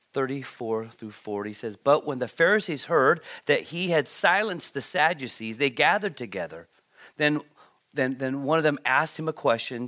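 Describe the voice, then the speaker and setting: A man preaching a sermon as a pastor, reading scripture and asking the congregation questions, with emphatic bursts and quiet asides. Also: mid-range voice. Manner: emphatic, swings between loud stresses and quiet asides, repeats words.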